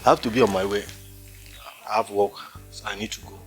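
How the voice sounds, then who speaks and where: A man's voice: lowish voice, fairly even intonation, brisk, natural voice. A Ghanaian man playing an eager young suitor who boasts of the gifts he will give. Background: film score music.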